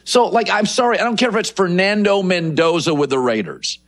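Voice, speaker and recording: A man's voice: high voice, expressive, fairly quick. A middle-aged man hosting a sports talk show, delivering an emphatic opinion monologue that builds lists for effect.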